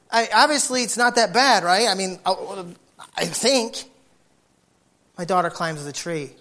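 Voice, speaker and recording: A man preaching with humorous storytelling, acting out neighbors and dogs in animated bursts. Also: high-pitched, a little slow, pauses often.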